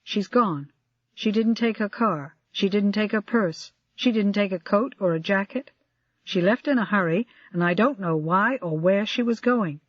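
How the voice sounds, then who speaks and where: A man's voice: high voice, normal speed, no echo. A narrator reading the lines of a distraught middle-aged male police staff sergeant, clipped and agitated, on a dull, dry recording. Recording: dry, slightly dull lo-fi audio.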